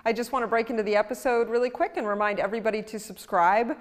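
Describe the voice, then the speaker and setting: A woman's voice: a little high, fast talker, in a large hall, background noise. A woman hosting an investigative show, talking in a chatty, casual way. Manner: chatty, uses lots of "like". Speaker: host and investigator. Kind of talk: casual interview talk and promo read.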